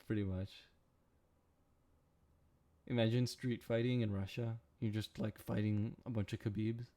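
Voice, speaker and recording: A man's voice: lowish voice, level tone, a little slow, pauses often, dark tone. A young man, sleepy, rambling and joking with his chat during a casual late-night stream. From Canada.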